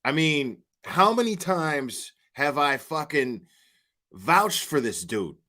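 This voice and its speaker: A man's voice: a little high, very animated, slow pace, bright, forceful tone. A young man hosting his channel, ranting heatedly and profanely with stammering restarts. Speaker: channel host. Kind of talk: casual vlog rant.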